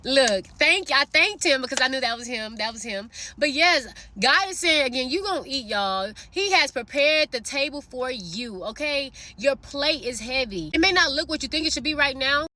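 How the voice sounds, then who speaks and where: A woman's voice: sits high, lively intonation, normal speed, few pauses, bright, forceful tone. A woman casually telling a personal faith story and encouraging her listeners, chatty, with many fillers, calling out to them directly. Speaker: faith vlogger sharing a prophetic word.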